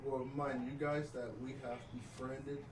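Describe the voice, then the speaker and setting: A man speaks up earnestly as a player in a tabletop game. He is far from the mic in a reverberant room. A steady noise bed sits behind him. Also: mid-range voice, moderate pace. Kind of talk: casual tabletop play.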